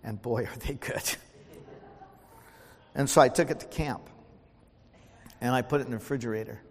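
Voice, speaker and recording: A man's voice: medium pitch, fairly even intonation, normal speed, breathy edge. An older man preaching a sermon as a pastor, telling folksy stories and calling out for amens. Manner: folksy storytelling, calls for amens. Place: church sanctuary. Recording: long hall reverb.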